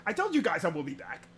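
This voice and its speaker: A man streaming a flight game live, loud and jokey, laughing at his own puns and greeting viewers by name. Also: fairly high pitch, slight background noise. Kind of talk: live gameplay commentary.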